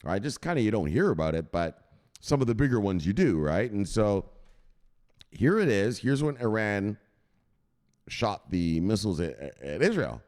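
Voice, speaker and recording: Male crypto-channel host, lowish voice, very lively delivery, profane and offhand. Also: moderate pace. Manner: animated, swears freely, mocks imagined viewers in a high squeaky voice. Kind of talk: casual explainer talking over a chart.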